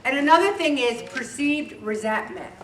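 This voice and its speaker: A middle-aged woman talks to her group in a lively, animated way and slips into little voices for other people. Her voice sits fairly high. It echoes around a room from a mic well away from her, with a faint hiss behind. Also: moderate pace, recorded from a distance. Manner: animated, acts out dialogue with voices. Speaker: weight loss group leader. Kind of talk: faith-based motivational talk to a group.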